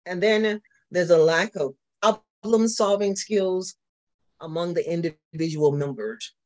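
Southern preacher teaching a church class. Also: male voice, high-pitched, a little slow. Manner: repetitive, asks the class questions. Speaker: pastor.

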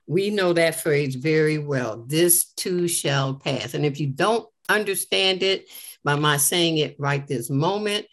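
An older woman and grandmother giving an earnest, inspirational devotional talk, repeating key phrases for emphasis. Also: sits low. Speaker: devotional speaker.

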